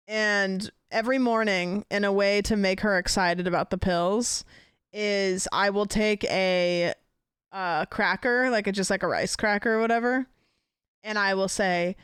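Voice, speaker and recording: Woman streamer, chatty and giggly, rambling stories, clean smooth tone. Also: mid-range voice, no echo, studio quality. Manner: rambling, giggly storytelling with many fillers. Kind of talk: casual chat.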